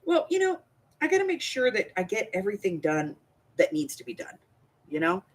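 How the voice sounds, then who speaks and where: A woman's voice: medium pitch, big pitch swings, fairly quick. A woman hosting a crafting channel, chatting casually and rambling, with frequent restarts and laughter. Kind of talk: casual chat.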